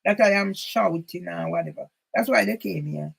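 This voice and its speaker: Gravelly-voiced Jamaican woman, rambling. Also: lowish voice, moderate pace, poor audio. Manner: rambling and emphatic, drifting into Jamaican patois. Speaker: channel host. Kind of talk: personal monologue vlog.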